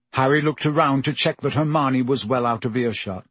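Man narrating an audiobook, husky fairly high voice, super dry studio sound. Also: a little fast, few pauses, no echo. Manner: steady storytelling. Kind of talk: scripted narration.

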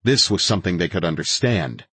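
Man reading an audiobook, really low husky voice, steady and dramatic, dry sound. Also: brisk, no echo. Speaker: audiobook narrator. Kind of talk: scripted narration.

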